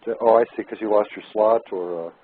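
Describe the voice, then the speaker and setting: A man's voice: fairly low pitch, fairly even intonation, fast. A man calling in as a regular guest, chatting in a friendly, easygoing way. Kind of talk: casual chat. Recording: tinny phone line.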